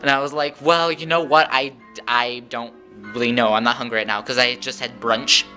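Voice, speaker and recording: A man telling a rambling, animated story in a casual vlog, acting out the voices of the people in it. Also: mid-range voice, brisk, faint music behind. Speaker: vlogger.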